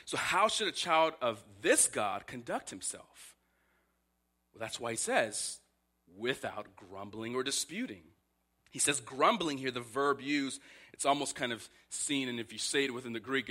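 A man's voice: mid-range voice, animated, moderate pace, bright, forceful tone. A man preaching a sermon, asking emphatic rhetorical questions and briefly voicing grumbling complainers. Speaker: pastor.

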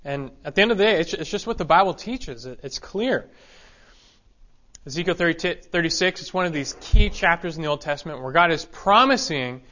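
Male preacher, emphatic and repetitive, slightly higher voice, dull lo-fi sound. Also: animated, brisk, pushed and bright. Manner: emphatic, repeats key phrases, reads scripture aloud. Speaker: pastor. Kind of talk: expository sermon.

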